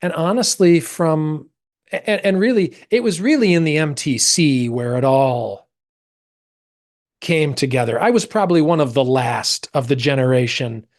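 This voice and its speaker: Brief: middle-aged American man, podcast guest, expressive storyteller who jumps into quoted voices. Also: moderate pace. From United States. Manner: animated, acts out quoted voices with big pitch jumps. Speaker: actor. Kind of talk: personal storytelling in a podcast interview.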